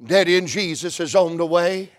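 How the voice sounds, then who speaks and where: A man's voice: sits high, normal speed, no echo, studio quality, pitched below the performer's own voice, close to an everyday voice. A man with a Southern US accent voicing a desperate father who pleads urgently for his dying daughter.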